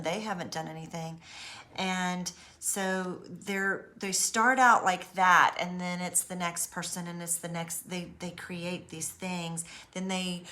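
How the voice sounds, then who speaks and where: Brief: woman vlogger, chatty and animated, speaks straight to the viewer. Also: fairly low pitch. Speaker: vlogger on abuse recovery. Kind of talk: casual monologue to camera.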